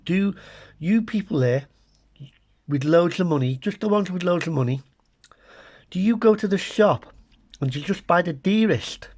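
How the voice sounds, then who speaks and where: A man's voice: sits high, a little mellow. Chatty British man doing wry taste tests. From Britain. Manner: chatty, wry, muttering asides to viewers. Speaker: food vlogger. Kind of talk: casual comic taste-test chat to camera.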